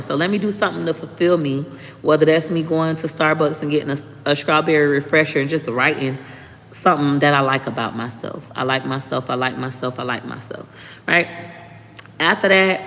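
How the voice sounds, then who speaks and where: A woman, hosting a livestream and giving frank, profane, lively life advice. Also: sits low, a little fast. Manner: frank, profane, animated storytelling. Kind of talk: casual livestream chat. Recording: long reverb, faint background noise.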